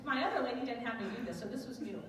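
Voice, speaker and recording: Bawdy high-voiced woman doing stand-up. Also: very fast. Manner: bawdy, self-mocking storytelling. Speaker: stand-up comedian. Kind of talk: stand-up comedy set. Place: live comedy venue with audience. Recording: echoey hall, distant mic, noisy crowd. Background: audience laughter.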